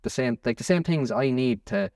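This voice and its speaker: A young Irish musician chatting in an interview, rambling with many restarts. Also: male voice, mid-range voice, expressive, normal speed, darkish tone, dry recording, clean studio sound, far from the mic. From Ireland. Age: young adult. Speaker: musician guest. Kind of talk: casual interview chat.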